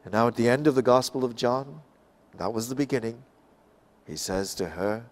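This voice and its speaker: A man from Canada giving an expository Bible talk, slow and emphatic, rising and falling for effect. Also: mid-range voice. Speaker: Bible class speaker.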